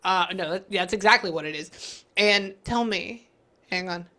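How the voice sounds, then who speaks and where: A woman giving a psychic reading, thinking aloud and often pausing to say hang on. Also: mid-range voice, bright, forceful tone. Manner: chatty, thinks aloud, keeps saying "hang on". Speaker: psychic medium. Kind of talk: live reading session.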